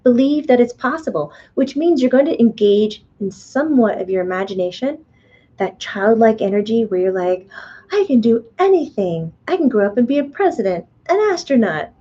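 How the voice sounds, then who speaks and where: A woman leads a live online spirituality class, chatty and animated. She slips into little voices to act things out. Her tone is mellow and the sound comes through dull and lo-fi. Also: on the high side, moderate pace. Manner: animated, chatty, playfully acts out the mind's voice. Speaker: spiritual teacher and medium. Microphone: webcam or computer mic on a video stream.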